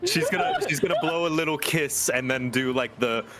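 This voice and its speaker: A man playing in a tabletop game, animated and stumbling over his starts. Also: on the high side, fairly quick, heavy background noise. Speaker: player.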